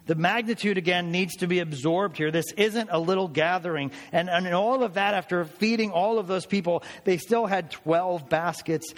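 A man preaching a sermon as a pastor, in an animated, conversational way, acting out people's voices as he tells the story. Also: high voice, moderate pace, few pauses, big-room sound. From United States.

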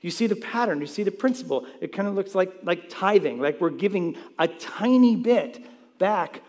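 Pastor preaching in a reverberant hall. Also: male voice, high voice, animated, normal speed, darkish tone. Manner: emphatic preaching with rhetorical questions. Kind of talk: sermon. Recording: long reverb in a large hall.

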